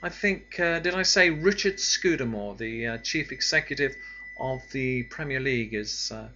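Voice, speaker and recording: A man's voice: mid-range voice, expressive, normal speed, sharp tone, a little hiss or hum. A man from Bristol with a Bristolian accent, explaining in an unscripted, hesitant way and slipping between accents. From Bristol, England. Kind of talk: casual explanatory talk. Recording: dull lo-fi recording.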